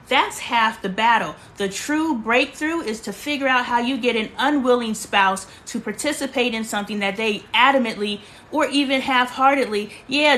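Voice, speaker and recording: Emphatic high-voiced woman livestreaming. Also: fairly bright tone. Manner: emphatic, preachy, repeats herself. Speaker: livestream host. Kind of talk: casual livestream talk. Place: her bedroom.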